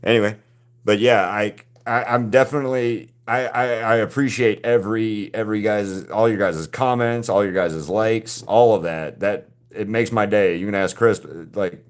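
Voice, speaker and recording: A man's voice: lowish voice, steady tone. A man hosting a live drawing stream, chatting casually with viewers and often restarting his sentences. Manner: halting, frequent restarts and repeated words.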